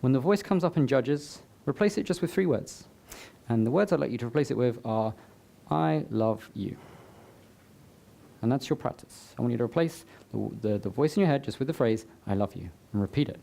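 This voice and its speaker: Man, motivational stage talk, mellow relaxed tone, chatty, joking asides, live audience event. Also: medium pitch, fast, creaky. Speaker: summit speaker.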